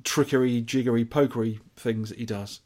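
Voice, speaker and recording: A man's voice: medium pitch, steady tone, fairly quick, a little mellow. A man co-hosting a casual podcast, chatting in a rambling, jokey way and reading out event news. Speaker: podcast co-host.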